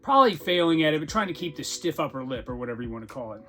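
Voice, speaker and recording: A man talks frankly and casually into the mic, his voice sitting a little above the usual male range. He keeps it conversational and pokes fun at himself with dry humor. Soft music plays quietly behind him. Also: fairly high pitch, sing-song, very fast. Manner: frank, self-deprecating, conversational with wry humor. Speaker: podcast host. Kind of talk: candid personal monologue.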